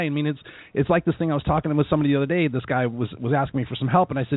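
A man hosting a conversational interview, talking in an animated way and acting out the people he quotes. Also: on the high side, racing, no echo. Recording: tinny phone-line audio, dry.

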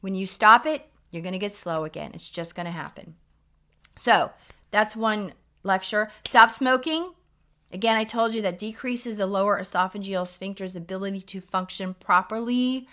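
A middle-aged woman talks through health advice on a podcast in a blunt, emphatic, lecturing manner. Her voice is bright and forward, and her pitch sits in the middle of the range. She sounds casual and direct. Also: normal speed. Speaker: podcast co-host, nurse practitioner.

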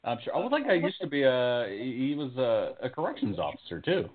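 A man's voice: mid-range voice, wildly swooping pitch, a little fast. A man co-hosting a podcast, bantering, swearing and throwing out questions. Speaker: podcast co-host. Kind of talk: casual profane chat. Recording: phone-like lo-fi sound.

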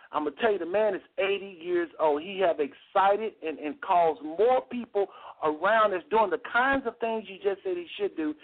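Argumentative and emphatic, a high-voiced man from the United States hosts call-in radio and keeps circling back to the same phrases. The exchange is heated, and the sound comes through thin and tinny, like phone-line radio audio.

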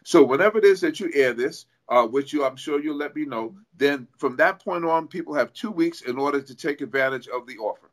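The man speaks with a New York accent in a slightly raised register. He lays out his points earnestly, one step at a time, often starting over mid-sentence. It is relaxed, conversational interview talk. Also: a little high, brisk, hardly any pauses. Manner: earnest, explains step by step with restarts. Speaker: guest, fitness coach.

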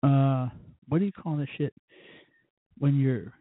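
Here a man rambles on his solo podcast in a self-deprecating, heavily profane way. His mid-range voice is steady and measured, with phone-quality audio and no room sound.

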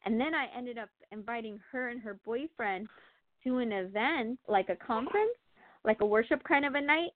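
A woman's voice: fairly high pitch, normal speed, no room sound. Chatty woman on a tinny line. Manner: animated, laughing, lots of fillers. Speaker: guest sharing testimony. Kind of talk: casual testimony chat. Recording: tinny phone-like line, dry.

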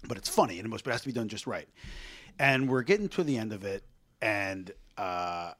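A man from Pennsylvania, a comic and podcast host, telling stories in casual chat with animated, rambling restarts. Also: fairly low pitch, no room sound. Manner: animated storyteller, quick rambling delivery with restarts.

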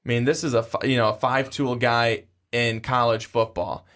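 Podcast co-host guy, average pitch, measured, kinda thinks out loud while breaking down football. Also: level tone. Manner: measured, thinking aloud with fillers and restarts. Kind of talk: casual sports podcast analysis.

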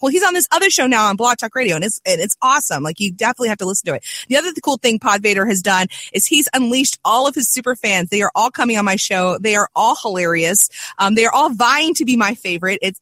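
A woman hosting a podcast in casual chat, an animated, chatty storyteller. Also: mid-range voice, no room sound. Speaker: podcast host.

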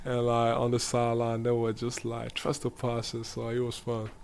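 A man with an African accent, answering interview questions casually and pausing often to find his words. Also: medium pitch, monotone, creaky, a little mellow, a little hiss or hum. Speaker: guest basketball player.

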